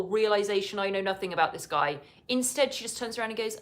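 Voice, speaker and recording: A woman's voice: medium pitch, lively intonation. A woman hosting a podcast, chatting casually and wryly as she recaps a reality show, now and then mimicking the people in it. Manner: chatty, wry, breaks into quick impressions of people on the show. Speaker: podcast host. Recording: live podcast recording.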